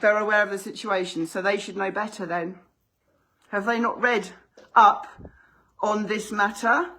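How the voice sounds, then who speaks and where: This homeowner, a woman with a medium-pitched, fairly bright voice, talks a little slowly with fairly even intonation. Indignant and sarcastic, she argues with bailiffs and police inside her house, the heated exchange filmed in her hallway and kitchen.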